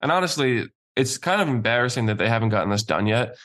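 A man co-hosting a casual hockey talk show, giving firm, relaxed opinions. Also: mid-range voice, fast talker. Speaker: sports talk co-host.

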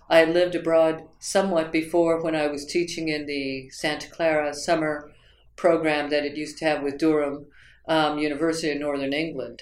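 A woman from the United States, interviewed about her teaching, rambling along with fillers and restarts. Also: deep voice. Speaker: interviewee, writing instructor. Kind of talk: reflective interview storytelling. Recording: roomy echo.

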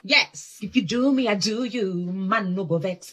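A woman's voice: mid-range voice, moderate pace, few pauses, rough recording. A woman telling a casual storytime monologue to camera and acting out each quoted line. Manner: animated, acts out the quotes. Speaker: storyteller in a clip.

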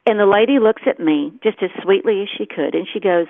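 A woman's voice: medium pitch, brisk, no room sound. Middle-aged woman on a tinny phone line. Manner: earnest, retells dialogue in her story. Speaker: co-host. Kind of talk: casual storytelling chat.

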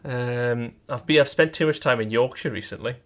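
A man's voice: mid-range voice, normal speed. A man co-hosting a comedy podcast, playful and giggly, chatting casually and joking about accents. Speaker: podcast co-host.

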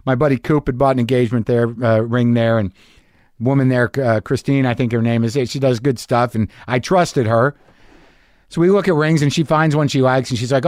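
A man's voice: mid-range voice, brisk, darkish tone, no echo, clean studio sound. A middle-aged man hosting a podcast, telling a rambling, profane, self-mocking story in a casual monologue. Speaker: podcast host.

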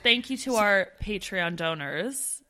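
Bright-voiced woman co-hosting. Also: mid-range voice, slow. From Canada. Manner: chatty, animated, swears casually. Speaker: podcast co-host. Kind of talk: casual chat.

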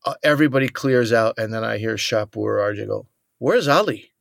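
A man's voice: lowish voice, fairly even intonation, quick pace, creaky, a bit bright, no echo, studio quality. A man co-hosting a podcast, telling a comic story in a casual chat and acting out other people's lines. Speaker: podcast co-host.

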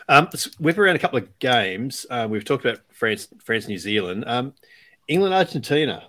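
A man's voice: medium pitch, fairly bright tone. A man hosting a rugby podcast, chatty and easygoing, who laughs easily and steers the talk. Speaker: rugby writer, podcast host. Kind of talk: casual podcast chat.

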